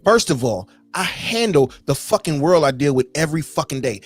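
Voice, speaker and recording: Loud ranting high-voiced man, dry mic. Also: big pitch swings, fairly quick, no room sound. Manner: loud, profane rants that build to shouting. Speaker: podcast co-host. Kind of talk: heated casual debate.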